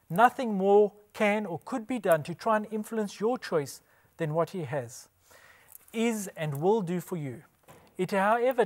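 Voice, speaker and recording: A man giving a scripted religious presentation, emphatic, posing rhetorical questions and answering them himself. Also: high-pitched. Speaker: Bible presenter.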